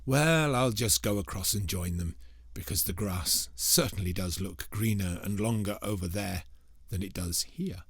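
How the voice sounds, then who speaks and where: Big tough billy goat, sure of himself, husky voice, storyteller man doing him. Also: deep voice, a little slow, fairly bright tone, dry recording, clean studio sound, full character voice. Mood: confident.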